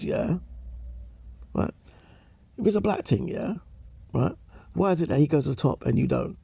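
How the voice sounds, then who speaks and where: A man with a fairly high, warm, husky voice and some vocal fry lectures through opinion commentary with no echo. He's emphatic, restating his points for effect and tagging them with "yeah?" and "okay?"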